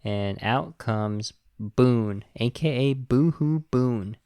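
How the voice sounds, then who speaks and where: Male podcast host: low, gravelly, dry sound, animated and indignant. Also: slow, no room sound. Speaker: podcast host reviewing a film. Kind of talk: casual film review chat.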